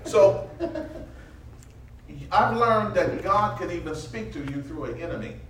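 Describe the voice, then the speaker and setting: A man preaching with a bright, forceful edge, stopping to teach and then rising into impassioned near-shouting. He works the room with call-and-response. The recording is echoey and picked up from a distance. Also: high voice, animated, unhurried, a little hiss or hum. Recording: echoey room, mic from far off.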